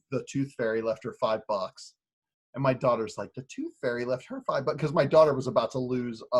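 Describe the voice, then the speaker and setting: Husky-voiced man telling animated stories. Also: mid-range voice. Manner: animated storyteller who laughs a lot. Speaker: podcast host. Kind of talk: casual podcast chat.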